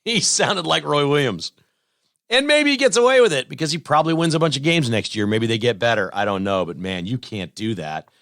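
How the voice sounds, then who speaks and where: A man hosts a sports talk show and delivers blunt, scolding, sarcastic commentary. His voice sits at a middle pitch and sounds dry and close to the mic. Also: animated, a little fast, a bit bright, dry recording.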